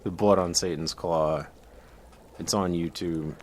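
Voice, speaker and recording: A man's voice: sits low, fairly even intonation, a little slow, a little hiss or hum. A man appearing as a guest on a studio radio show, chatting eagerly about his favorite films. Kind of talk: casual radio chat.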